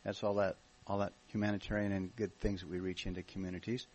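An American man speaking as a guest minister at a church meeting, telling his story in a relaxed, joking way. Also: deep voice, quick pace, poor audio. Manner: jokey, relaxed storytelling with restarts. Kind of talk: church talk, testimony.

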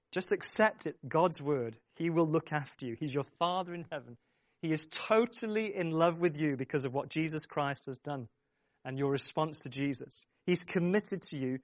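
A man's voice: a little high, moderate pace, no echo, highs cut off. A man preaching a sermon, speaking emphatically, repeating his phrases and urging the congregation on. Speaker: pastor.

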